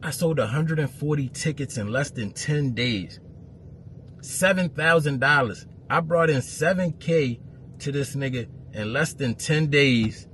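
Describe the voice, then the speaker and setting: A man, an event promoter telling a story to camera as a profane, heated rant that grows louder. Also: medium pitch, a little slow, slight background noise.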